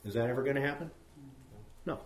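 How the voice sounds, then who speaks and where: A man's voice: mid-range voice, normal speed, a little hiss or hum. A man teaches scripture to a small group, his voice sitting in the middle range. He wanders into side stories and keeps asking questions. The room around him rings with echo. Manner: rambling, asks the group questions, many fillers. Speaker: Bible teacher. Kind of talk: conversational Bible study sermon. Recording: echoey room.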